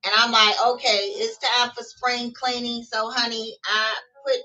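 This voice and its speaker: A woman's voice: on the high side, level tone, unhurried, sharp tone, lo-fi sound. A middle-aged woman chatting casually to her camera at home, folksy and chatty, often laughing and calling her viewers y'all. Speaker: vlogger. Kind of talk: casual spiritual chat to camera. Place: home room with TV and music playing. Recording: distant mic, faint music behind.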